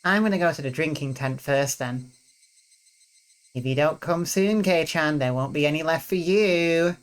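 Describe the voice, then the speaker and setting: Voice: medium pitch, normal speed, smooth, natural voice. A game streamer voicing a pushy, cheerful teenage girl from a visual novel, reading her lines with a slightly raised voice. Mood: coaxing.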